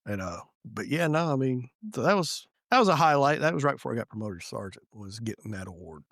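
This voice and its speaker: A man's voice: mid-range voice, quick pace, no room sound, studio quality. Profane man telling police stories. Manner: profane, animated storyteller. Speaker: podcast guest, retired police sergeant. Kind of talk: casual storytelling chat.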